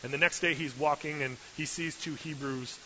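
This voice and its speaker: A man's voice: a little high, fairly even intonation, normal speed, sharp tone. A male preacher giving a sermon with humorous, sarcastic asides, in a dull lo-fi recording with hiss.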